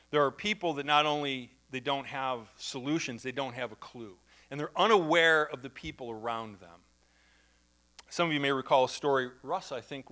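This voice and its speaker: Bright-toned man telling a sermon story. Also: medium pitch. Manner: conversational, anecdotal, acts out quoted voices.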